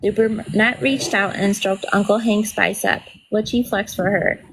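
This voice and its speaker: A woman's voice: medium pitch, steady tone, a little slow, vocal fry, a bit bright, slight background noise, low-quality recording. A woman reading a novel aloud during a casual stream, with brief asides and spelled-out words.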